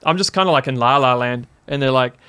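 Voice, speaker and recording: Animated New Zealand man telling a story. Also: mid-range voice, fast, clear, resonant tone. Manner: animated, laughing often, peppered with "like". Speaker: podcast guest. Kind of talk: casual storytelling.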